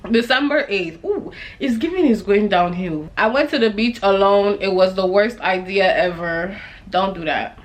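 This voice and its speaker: A woman's voice: mid-range voice, normal speed. A young woman reading her diary aloud and reflecting on it in a casual, chatty way, laughing often and acting out the people she quotes.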